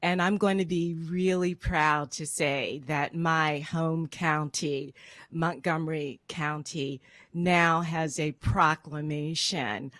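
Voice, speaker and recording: A woman guest speaker giving short formal remarks in a measured, proud way. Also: deep voice, fairly even intonation, a bit bright, no echo.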